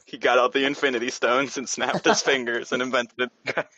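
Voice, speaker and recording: A man's voice: mid-range voice, level tone, brisk, pushed and bright, no echo. A man on a comedy podcast riffing playfully on jokes, heard through a slightly dull, lo-fi mic. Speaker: podcast co-host. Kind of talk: casual comedic chat.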